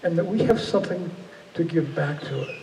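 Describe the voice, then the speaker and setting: A man's voice: fairly high pitch, animated, fairly quick, dark tone, a little hiss or hum. Earnest man speaking in an echoey hall. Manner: earnest, searching, frequent restarts. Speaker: guest speaker. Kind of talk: reflective public talk. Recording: echoey hall from far off, faint ambience.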